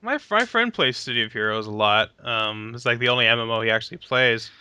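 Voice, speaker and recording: A man's voice: medium pitch, lively intonation, brisk, bright, forceful tone, smooth, no echo. A young man hosting a casual gaming podcast, laughing often and talking with enthusiasm. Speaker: podcast host.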